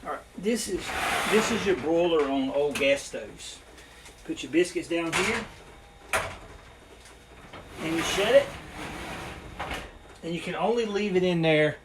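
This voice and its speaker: A man's voice: fairly high pitch, unhurried, long pauses, very noisy. A man, talking casually and folksily while demonstrating cooking in his home kitchen. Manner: folksy, rambling, frequent ums. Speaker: home cooking channel host.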